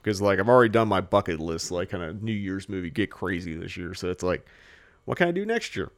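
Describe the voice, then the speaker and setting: A man hosting a movie podcast in casual chat, animated and profane, joking and acting out characters. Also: sits low, a little fast. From Los Angeles area. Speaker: podcast host.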